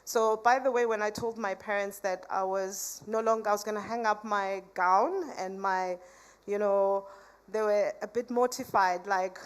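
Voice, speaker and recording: A woman's voice: medium pitch, fairly even intonation, moderate pace. A woman from Africa, giving a chatty conference talk full of "you know" asides and banter with the audience. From South Africa. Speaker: conference speaker.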